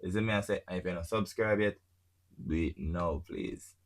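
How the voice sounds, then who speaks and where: A man's voice: deep voice, normal speed. A man with a Jamaican accent from Jamaica, hosting a podcast in casual chat, blunt and swearing freely, often checking "you see me?". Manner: keeps asking "you see me I say?". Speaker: podcast host.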